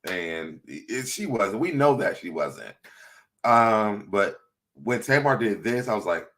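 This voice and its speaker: Deep-voiced man hosting a livestream. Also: very animated, slow pace, fairly bright tone. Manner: chatty, reads viewer comments aloud, laughs often. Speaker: livestream host. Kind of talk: casual live commentary.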